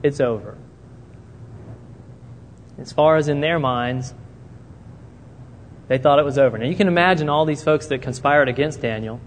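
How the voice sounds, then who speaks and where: A man's voice: on the high side, moderate pace, long pauses. Man preaching in an echoing hall. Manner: animated storytelling, acting out quotes. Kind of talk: sermon. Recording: long reverb in a hall, faint noise.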